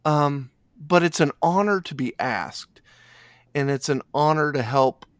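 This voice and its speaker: A male funeral director, talking in a halting, reflective way during a casual interview and often restarting his sentences. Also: a little high, a bit bright, no room sound.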